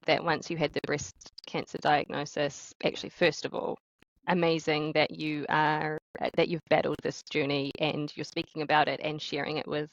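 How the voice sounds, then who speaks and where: A bubbly woman with a New Zealand accent, chatting as a podcast co-host and laughing easily. Her voice sits fairly low with a gravelly, creaky edge. The sound is dry and close. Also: no room sound, lo-fi sound. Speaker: podcast co-host and life coach. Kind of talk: casual podcast chat.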